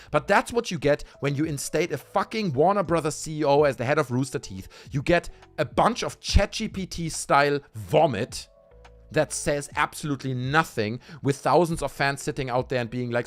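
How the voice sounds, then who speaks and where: A man's voice: fairly high pitch, expressive, moderate pace, faint music behind. A man hosting a livestream, ranting heatedly with lots of swearing and talking straight to his chat while drinking. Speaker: livestream host. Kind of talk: casual livestream rant.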